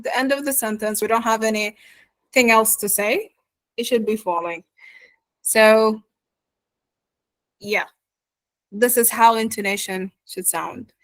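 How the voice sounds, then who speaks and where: Woman teacher, native Arabic speaker, higher-pitched voice, dry close sound, keeps asking "yeah? okay?". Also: fairly bright tone, no room sound, rough recording. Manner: checks in often with "yeah?" and "okay?"; switches to Arabic to explain. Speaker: accent teacher. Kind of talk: online class lecture.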